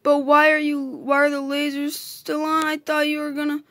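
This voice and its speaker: A woman voicing a nervous, easily scared big male shark, reading haltingly in a high voice. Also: completely flat delivery, a bit bright, no room sound. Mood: doubtful, worried. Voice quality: read aloud haltingly.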